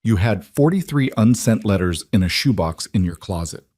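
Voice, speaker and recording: A man's voice: on the low side, animated, moderate pace, darkish tone, no room sound, studio quality. A man voicing an anxious, meddling woman who is careful at first and then blunt. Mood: insistent.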